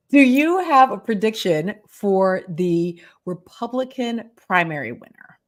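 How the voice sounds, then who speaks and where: A woman hosting a casual interview, chatty and laughing often, with warm effusive thanks. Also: medium pitch, animated, takes it slowly. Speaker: host and interviewer.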